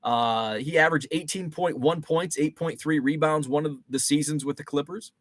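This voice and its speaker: A man's voice: a little high, moderate pace, fairly bright tone, no echo. A man in his forties hosting a casual rambling monologue, thinking aloud with fillers and restarts. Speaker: show host. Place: home basement.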